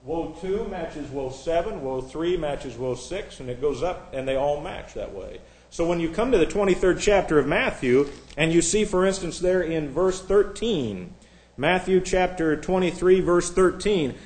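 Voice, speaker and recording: A man with a high voice preaches through a Bible passage, reading scripture with force and breaking off into sarcastic asides. His words ring in an echoey room. He restarts phrases often as he teaches. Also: animated, a little slow, a little mellow.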